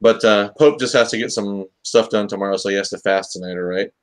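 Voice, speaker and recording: A man's voice: on the low side, steady tone, quick pace. A man hosting a casual comics talk stream, joking and rambling with lots of fillers. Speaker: host of a comics talk show. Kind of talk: casual live-stream chat.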